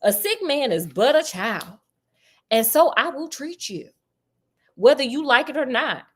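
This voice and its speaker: A woman's voice: high voice, sing-song, a little slow, slightly rough, voice pushed up, heavily acted. A woman voicing a loyal, worried male doctor who scolds his friend in slang. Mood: firm. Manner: exasperated, slangy, affectionate.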